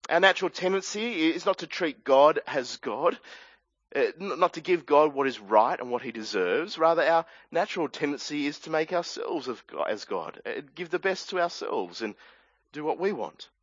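Earnest Australian male preacher, a touch high, muffled dry sound. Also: a bit bright, no echo. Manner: earnest, explanatory, with asides and restarts. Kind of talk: sermon.

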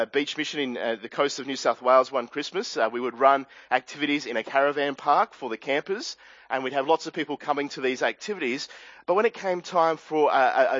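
A man's voice: mid-range voice, a bit bright, dry recording. A man with an Australian accent preaching a sermon, explaining a passage earnestly with asides and restarts. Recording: dry, dull lo-fi sound.

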